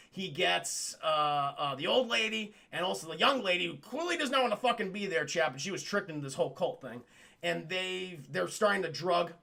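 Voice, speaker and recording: A man's voice: high-pitched, gravelly, pushed and bright. A young man livestreaming a casual spoiler recap of a film, rambling and swearing as he keeps talking to his chat.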